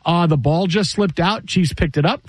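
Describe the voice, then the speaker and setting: A man hosting a sports talk radio show, chatting fast and animated about a live football game. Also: on the high side, breathy edge, no echo. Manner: animated, jokey, quick restarts.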